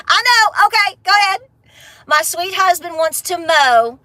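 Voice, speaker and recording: Very high-voiced and sharp in tone, this Appalachian homestead vlogger speaks at a measured pace with lively intonation, and there's no room sound. On her casual livestream the middle-aged woman rants bluntly before laughing warmly with her viewers.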